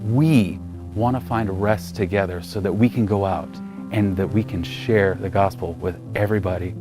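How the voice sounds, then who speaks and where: A man in his thirties preaching a sermon as pastor, telling stories and acting out the voices, loud one moment and nearly whispering the next. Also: low-pitched, normal speed, over music. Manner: animated storyteller acting out voices, ranging from loud to near whisper. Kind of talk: sermon with personal storytelling.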